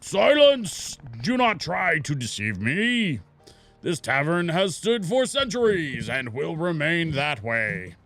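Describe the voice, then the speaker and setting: A man plays a haughty ancient boggart who guards a tavern in the shape of a cat, scolding and theatrical. The voice swings widely up and down as it lectures. Soft background music plays under it. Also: fairly high pitch, very animated, takes it slowly, voice pushed up, heavily acted. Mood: stern. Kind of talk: voicing game dialogue while streaming.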